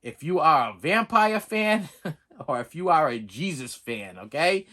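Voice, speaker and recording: A man with a fairly high voice rants through a casual movie review at an unhurried pace. His pitch swings all over, and he stumbles over and repeats his words as he rambles animatedly, chuckling often along the way.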